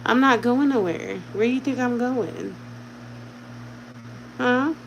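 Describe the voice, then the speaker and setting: A woman's voice: on the high side, takes it slowly, creaky, muffled recording, slight background noise. A woman at home talking in casual vlog chat while caring for a baby, slipping into doting baby talk as she coaxes an infant to speak. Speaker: vlogger.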